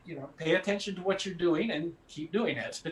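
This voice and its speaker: An older actor chatting in a rambling, anecdotal way, chuckling between stories. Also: male voice, a little high, moderate pace, slight background noise. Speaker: actor guest. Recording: roomy echoey sound.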